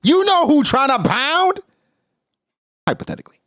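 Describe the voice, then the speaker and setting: A man giving casual, excitable reaction commentary on a manga chapter, exclaiming and joking as he reads. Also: extremely high pitch, moderate pace, no room sound, studio quality.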